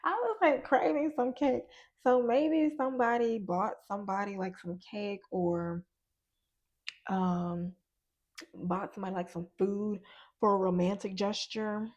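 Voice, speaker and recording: A woman talks through a tarot spread at a slow, easy pace. She chews gum as she goes. She muses aloud, laughs often and lets her thoughts trail off. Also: mid-range voice, fairly even intonation, darkish tone, highs cut off. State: chewing gum. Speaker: tarot reader. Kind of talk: casual tarot reading.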